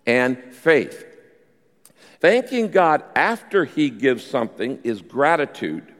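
A man preaching a sermon as a pastor. He acts out voiced quotes, and his pace shifts between quick runs and slow, stressed phrases. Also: a little high. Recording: long reverb of a large hall.

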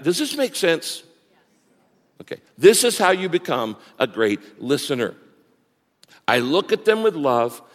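Male pastor preaching, voice all over the place, long reverb like a big church. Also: on the high side. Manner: animated preaching, swings from loud to hushed. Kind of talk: sermon.

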